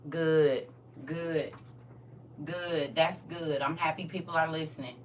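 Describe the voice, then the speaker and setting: A woman's voice: low voice, steady tone, slow, recorded from a distance, slight background noise. A woman talking casually and candidly to her audience on a live stream, addressing viewers directly.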